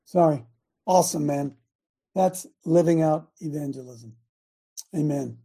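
Gravelly, raspy man hosting. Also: a little high, measured pace, warm tone. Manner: emphatic, calls on callers by name. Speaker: host. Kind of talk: reading scripture and hosting a call-in.

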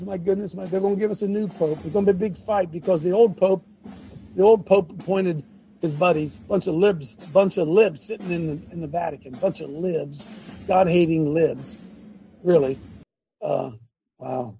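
A man hosting an online talk show, giving fiery religious and political commentary in an excitable, rambling way with shouted asides. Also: high-pitched, slight background noise.

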